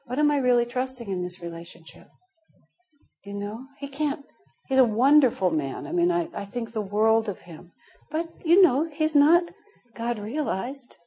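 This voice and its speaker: A woman's voice: fairly high pitch, lively intonation, moderate pace, husky, lo-fi sound. A middle-aged woman teaching a spiritual class, telling stories with frequent laughter. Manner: warm storytelling, laughing often. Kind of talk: spiritual class talk with anecdotes.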